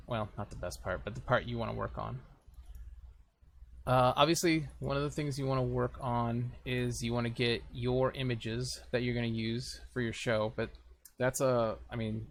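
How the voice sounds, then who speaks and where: A man's voice: mid-range voice, slight background noise. A man casually talking through a screen-recorded editing tutorial, thinking aloud as he clicks around. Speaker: video tutorial host.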